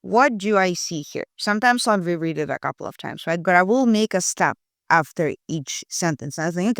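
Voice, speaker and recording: A woman's voice: lowish voice, animated, a little fast, dry recording, clean studio sound. A woman teaching copywriting who thinks aloud in a casual, chatty way, checking in often with "right?" and "you know". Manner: thinks aloud while analyzing text. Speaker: copywriting instructor. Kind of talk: casual screen-share walkthrough.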